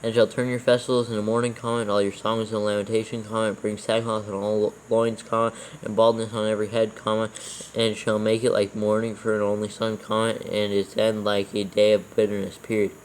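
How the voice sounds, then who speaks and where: A man's voice: fairly low pitch, a little fast, few pauses, slight background noise, rough recording. A man reading scripture aloud in a casual proofreading session, calling out commas and capitals as he goes. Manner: reads verses aloud in a level, even tone, calling out punctuation.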